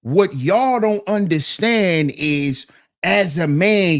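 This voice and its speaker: Slow, animated man preaching to his chat. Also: high-pitched. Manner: indignant, preachy, rhetorical questions to his chat. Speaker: commentary channel host. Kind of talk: reaction commentary to a debate clip.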